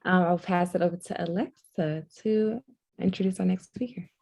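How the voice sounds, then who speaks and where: A woman hosting the session, thanking a speaker in a warm, unhurried way over a video call. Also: on the low side, fairly even intonation, vocal fry. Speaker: event host. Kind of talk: casual thanks and handover.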